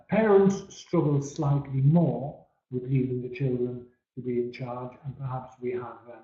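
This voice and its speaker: A man giving a webinar presentation, stressing key words and letting phrase ends trail off, often repeating words as he restarts. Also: mid-range voice. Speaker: webinar speaker. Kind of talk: presentation talk. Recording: echoey, dull-sounding room recording.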